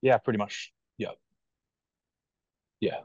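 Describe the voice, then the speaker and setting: A man with a New Zealand accent, a guest on a podcast, speaking over a video call in a calm, measured, matter-of-fact way. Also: dry recording. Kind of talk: casual interview chat. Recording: dull dry video call audio.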